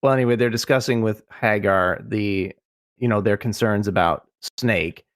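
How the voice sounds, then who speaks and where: A man with a Midwestern accent hosting a casual podcast, recapping in a relaxed way with asides. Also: fairly low pitch, moderate pace.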